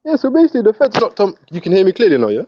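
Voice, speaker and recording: Fast-talking man on a dull line. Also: high-pitched, huge pitch swings, mellow. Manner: fast, repetitive, stumbling. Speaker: caller speaking from a psychiatric ward. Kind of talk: rambling casual chat.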